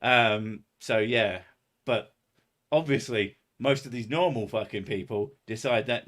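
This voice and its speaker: A man's voice: medium pitch, a little slow, fairly bright tone. A man chatting casually on a livestream, rambling and sardonic, with heavy swearing. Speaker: streamer.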